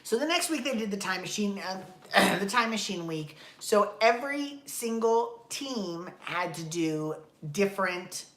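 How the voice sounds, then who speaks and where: A woman's voice: medium pitch, expressive, a little slow, roomy sound. A woman hosting a podcast, recapping a dance show in a rambling, exasperated, profane rant, her throat dry and coughing. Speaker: podcast host.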